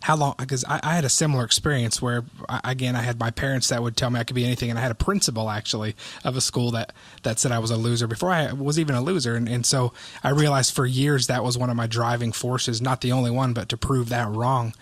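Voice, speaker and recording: A man's voice: medium pitch, steady tone, quick pace, few pauses, no room sound. A man hosting an interview, asking probing questions and relating his own experience. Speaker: interview host. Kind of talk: interview conversation.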